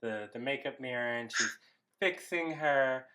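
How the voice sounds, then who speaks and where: A woman's voice: a bass voice, measured pace. A woman co-hosting a comedy podcast, recapping a film in casual chat and acting out characters' lines with laughter. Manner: animated storyteller, acts out characters' lines with laughs. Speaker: podcast co-host.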